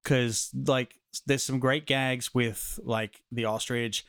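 A man's voice: mid-range voice, fairly even intonation, takes it slowly, a bit bright, smooth, no echo, clean studio sound. A man co-hosting a podcast, talking about film gags in an enthusiastic way. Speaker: podcast co-host. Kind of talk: casual film discussion.

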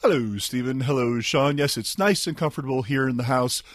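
A man's voice: medium pitch, a little fast, no room sound, studio quality. A man co-hosting a casual tech podcast, easygoing and explanatory. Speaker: podcast co-host.

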